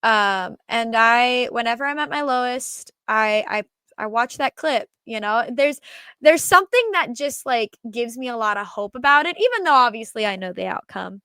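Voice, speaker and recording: Crisp-voiced young woman telling stories. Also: on the high side, moderate pace, no echo. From Minnesota. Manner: animated, laughing, telling anecdotes. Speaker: podcast guest. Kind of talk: casual storytelling.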